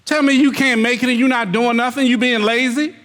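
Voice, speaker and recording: A man preaching with a high, bright, forceful voice, hammering his points with repetition and rhetorical questions. The sound carries a long hall reverb. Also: fairly even intonation, fairly quick. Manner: mimics lazy excuses in put-on voices. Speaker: elder preaching. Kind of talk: sermon.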